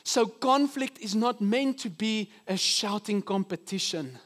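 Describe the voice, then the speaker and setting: A male pastor preaching a sermon in an earnest, teaching manner, often slowing down to stress a point. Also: sits high, animated, fairly bright tone. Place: church.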